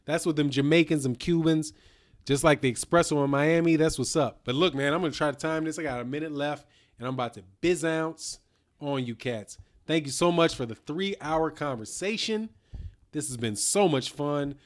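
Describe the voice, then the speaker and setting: A man's voice: a little high, moderate pace. A man hosting a casual live stream, talking loosely in slang, reading out viewer comments and a little tipsy from whiskey.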